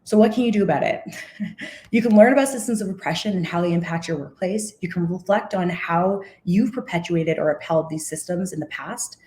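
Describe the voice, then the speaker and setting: A woman with a somewhat low voice delivers a keynote on stage. She speaks earnestly and with feeling, catching herself and restarting phrases, and sounds close to tears. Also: fairly quick, warm tone, slight background noise. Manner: earnest, impassioned, with self-corrections. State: emotional, near tears. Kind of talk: conference keynote.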